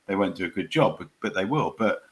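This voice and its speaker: A man with a very deep voice answers interview questions over a video call. He speaks haltingly, restarting sentences and doubling up words. He talks as a crime author who once served as a police officer. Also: expressive.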